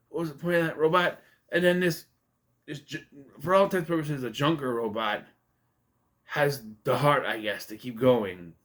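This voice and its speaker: A man's voice: medium pitch, fairly bright tone. Rambling man chatting about movies. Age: adult. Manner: rambling, conversational, many fillers and restarts. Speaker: movie reviewer. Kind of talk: casual movie review.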